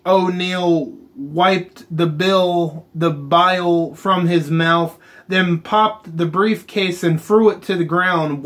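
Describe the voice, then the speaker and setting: A man hosting a gaming channel, chatting casually over gameplay and slowly reading story text aloud with muttered asides. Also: sits high, a bit bright.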